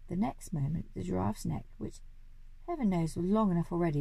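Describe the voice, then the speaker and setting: A woman reading a children's storybook aloud with lively expression, stumbling and correcting herself now and then. Her voice is low, dark and husky with a gravelly edge. The sound is dry and close. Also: brisk, no echo, low-quality recording. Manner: expressive, with small slips and self-corrections.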